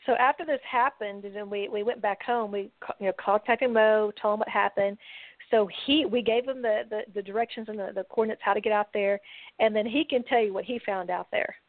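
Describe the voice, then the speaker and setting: A woman, a guest researcher, telling a story on a call-in show in a plain, steady way. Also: medium pitch, brisk, dry recording. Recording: tinny phone line, dry.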